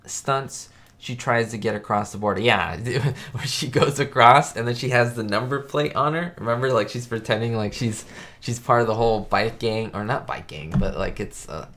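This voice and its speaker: A man's voice: medium pitch, normal speed, fairly bright tone. A man hosting a casual live-stream chat, talking in a rambling way full of "like" fillers.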